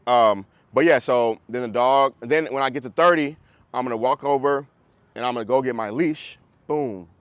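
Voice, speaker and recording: A man's voice: medium pitch, moderate pace, smooth, no room sound. A man, a dog trainer, coaching a group class in a casual, conversational way over a video call, often checking that listeners follow.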